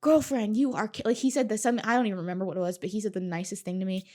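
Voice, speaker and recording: A woman talking as a podcast guest in casual chat, telling her story in an animated way, swearing freely and laughing often. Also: mid-range voice, racing.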